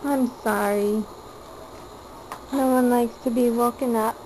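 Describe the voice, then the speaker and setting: A woman filming her baby at home by a changing table, talking in soft cooing baby talk into a handheld camera mic. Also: fairly high pitch, fairly even intonation, slow, a little hiss or hum, rough recording.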